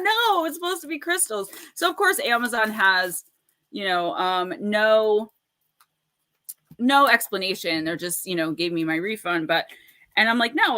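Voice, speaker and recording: A woman's voice: mid-range voice, pushed and bright. A woman hosting a casual livestream of oracle card readings, chatty and rambling, laughing often and greeting viewers by name.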